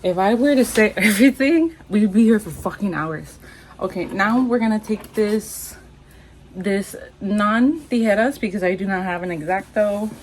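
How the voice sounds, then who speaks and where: A woman's voice: mid-range voice, unhurried, a little hiss or hum, low-quality recording. Hyper, swearing young woman unboxing. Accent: Texan. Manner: hyper, excitable, swears a lot, squeals. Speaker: vlogger unboxing masks and merch. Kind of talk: casual unboxing vlog.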